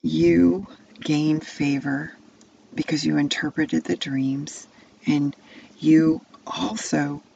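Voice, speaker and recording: Woman slowly telling a children's Bible story. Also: low voice, vocal fry, dark tone, slightly rough, muffled recording. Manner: second-person immersive storytelling.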